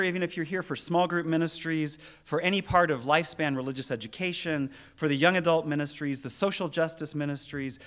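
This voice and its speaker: A man's voice: on the high side, fairly bright tone. A man, a youth minister, giving a church address to young people, earnest and playful as he projects to the crowd. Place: church sanctuary.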